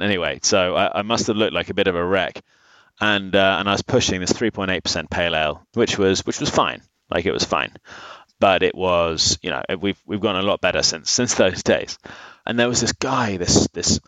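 A man's voice: low voice, no echo, low-quality recording. A man who runs a brewery, talking casually in an interview and telling stories with many restarts. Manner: animated storyteller, many restarts. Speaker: brewery founder.

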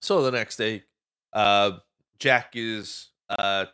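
A man's voice: lowish voice, steady tone, slow, pushed and bright, smooth. A Welsh man hosting a podcast, casually recapping a movie with swearing and rambling tangents. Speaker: podcast host.

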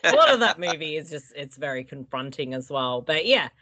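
A woman co-hosting a podcast in casual chat, giving thoughtful, measured explanations. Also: low-pitched, big pitch swings, bright, forceful tone. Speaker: podcast guest co-host.

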